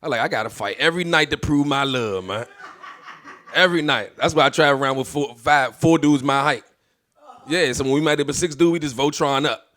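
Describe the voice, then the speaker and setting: A man's voice: fairly high pitch, fairly quick, fairly bright tone. A man in his thirties doing a stand-up comedy set, brash and swearing, acting out the people in his stories.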